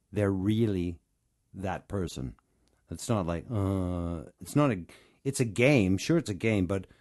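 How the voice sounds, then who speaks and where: A man's voice: fairly low pitch, mellow. A man being interviewed as a guest voice actor, answering thoughtfully and reflectively about his craft.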